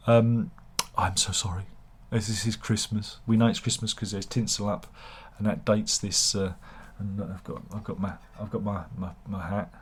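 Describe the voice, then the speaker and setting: A man with a husky voice, talking to camera in a rambling, sardonic and self-deprecating way, often restarting his sentences. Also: lowish voice, steady tone, moderate pace, a little hiss or hum. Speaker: YouTuber.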